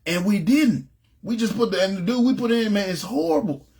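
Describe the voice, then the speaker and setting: A man's voice: sits high, expressive, a little fast, creaky, darkish tone, slightly rough. A man teaching a casual Bible lesson to a ministry group, talking conversationally and often checking in with his listeners. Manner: conversational, often asks "you know what I'm saying".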